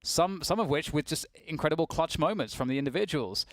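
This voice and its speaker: Higher-voiced male esports co-caster. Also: a little fast, dry recording. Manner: analytical, climbing to excited calls. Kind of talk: color commentary.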